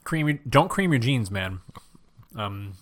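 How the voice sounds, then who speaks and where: A man's voice: medium pitch, lively intonation, measured pace. A man co-hosting a podcast, teasing his co-host in casual chat while rating candy.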